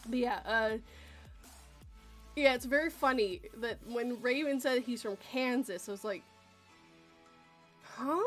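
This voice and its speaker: A woman's voice: fairly high pitch, measured pace, soft background music. A woman from Western Canada hosting a casual chat, talking in a rambling way and laughing often. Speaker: host.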